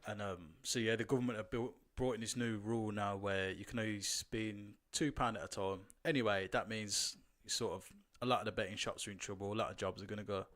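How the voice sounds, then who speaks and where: A man's voice: fairly low pitch, steady tone, a little fast, few pauses, a bit bright. A man co-hosting a podcast, talking in a loose, teasing way full of fillers. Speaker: podcast co-host. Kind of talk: casual chat.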